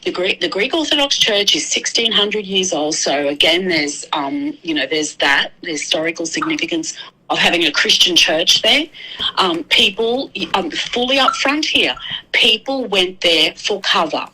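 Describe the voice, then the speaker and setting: A woman's voice: on the low side, animated, normal speed, pushed and bright, rough recording. A woman with an Australian accent, a guest on a talk show, speaking earnestly with many restarts. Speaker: guest commentator. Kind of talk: casual talk show discussion.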